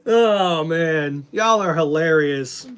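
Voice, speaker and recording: A man hosting a livestream, calling football play-by-play and chatting with viewers, shouting when big plays happen. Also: on the high side, slow pace, slight background noise. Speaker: livestream host doing play-by-play. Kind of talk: live play-by-play and chat reaction.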